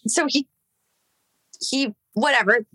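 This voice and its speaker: A woman's voice: sits high, takes it slowly, sharp tone, husky, dry recording, low-quality recording. A young woman from Los Angeles telling a long story in casual chat, rambling with lots of "like" and swearing. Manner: rambling, heavy filler "like", swearing. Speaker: singer, podcast guest.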